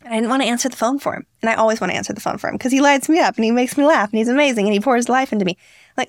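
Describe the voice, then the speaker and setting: A woman's voice: a little high, very fast, no echo, clean studio sound. A young woman, a podcast guest and founder, telling stories earnestly and acting out what people said. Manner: earnest, storytelling, acts out quotes. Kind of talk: candid interview talk.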